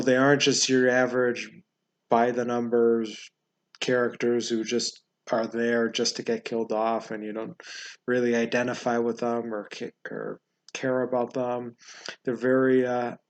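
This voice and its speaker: A man hosting a casual movie review, talking in a halting, rambling way with many fillers and frequent chuckles. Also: medium pitch, gravelly. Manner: chuckles often while talking.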